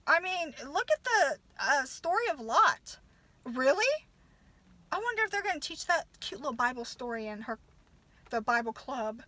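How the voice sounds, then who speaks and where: A high-pitched woman swings widely in pitch as she delivers a furious personal rant to the camera, her tone bright and forceful. She is a US nurse and mother in her thirties who curses freely and restarts often. The recording is dry and of poor quality.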